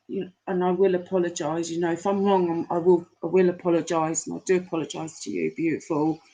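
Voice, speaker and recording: Slow, chatty woman livestreaming. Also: fairly low pitch, low-quality recording. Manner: chatty, warm-hearted, rambling with fillers. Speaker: livestream host reading chat. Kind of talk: casual live chat.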